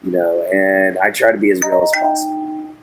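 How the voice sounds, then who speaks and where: A man's voice: low-pitched, level tone, normal speed, rough recording. A man hosting a casual livestream from inside an RV, talking to his chat in a folksy, drawling way. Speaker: livestream host.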